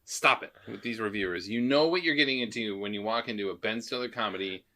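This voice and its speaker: A man in his thirties co-hosting a podcast, giving opinionated, animated takes on a movie in casual chat. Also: on the low side, fast talker. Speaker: podcast co-host.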